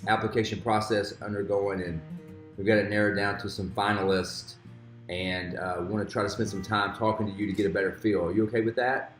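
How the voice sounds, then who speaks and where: A man's voice: lowish voice, fairly even intonation, brisk. A man interviewing a young woman in a friendly, rambling way with many fillers. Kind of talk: casual interview. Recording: roomy echo with faint music.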